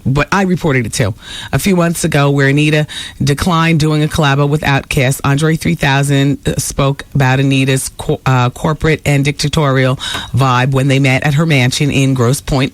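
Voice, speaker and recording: Brassy talk radio woman, gossipy. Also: no room sound. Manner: brassy, theatrical, swoops high when excited. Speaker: radio talk show host. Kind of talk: casual radio gossip chat.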